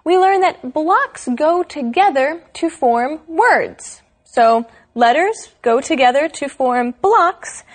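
This woman co-hosts an English lesson show. Her voice is high and her pace is slow. She lays out each idea clearly and deliberately for learners. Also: lively intonation. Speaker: co-host of an English lesson program. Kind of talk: scripted educational chat.

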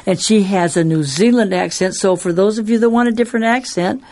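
A woman's voice: mid-range voice, a little fast, a little mellow. A woman hosting a radio panel show, chatty and friendly, hesitating now and then. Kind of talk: relaxed radio panel chat.

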